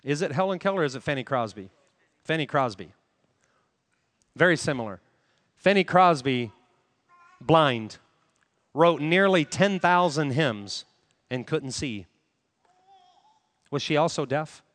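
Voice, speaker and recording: A man's voice: a little high, animated, unhurried, pauses often, fairly bright tone. A man preaching a sermon on a handheld microphone, earnestly asking the congregation questions. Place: church hall. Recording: long hall reverb.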